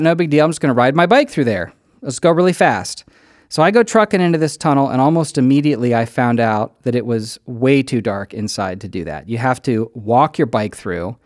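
A man preaching a sermon, telling a personal story with animated delivery and acting out quoted lines. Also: mid-range voice, no room sound, studio quality. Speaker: pastor.

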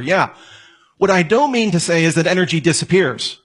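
Husky man lecturing, slightly high voice. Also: animated, moderate pace, a bit bright. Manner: conversational, asks the listener questions, joking asides. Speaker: apologetics teacher. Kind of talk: lecture on evidence.

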